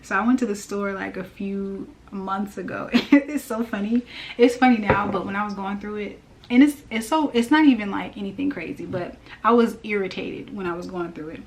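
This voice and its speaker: A woman's voice: medium pitch, moderate pace. A woman giving a casual spiritual message, telling a personal story in a chatty way with lots of fillers. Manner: chatty, animated, many fillers and laughs. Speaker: spiritual reader.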